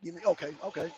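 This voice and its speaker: A man's voice: very high-pitched, sharp tone, slight background noise. A man who drives trucks, chatting casually and rambling through viewer comments while he drives. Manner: rambling, joking, answers chat comments between driving remarks. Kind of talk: casual livestream chat while driving. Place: cab of a heavy truck on the road.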